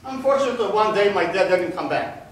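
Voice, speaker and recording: An older man giving a slow, deliberate spoken testimony to an audience, his voice sinking low and quiet at grave moments. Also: lively intonation. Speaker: Holocaust survivor speaker. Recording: echoey hall recorded from far off, faint noise.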